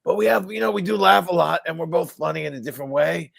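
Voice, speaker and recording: A man with an East Coast American accent and a deep gravelly voice, a comedian chatting dryly as a guest. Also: quick pace, a bit bright, no room sound. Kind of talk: casual interview chat.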